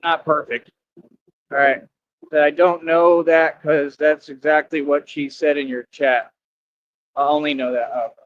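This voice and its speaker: A man hosts his own livestream, trading jabs with his chat in a combative, mocking tone. His voice sits a little high for a man. The audio is dull and lo-fi, with a faint hiss underneath. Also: steady tone, a little slow. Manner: combative, mocking, talks back to viewer comments. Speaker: livestream host. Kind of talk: casual livestream talk to chat.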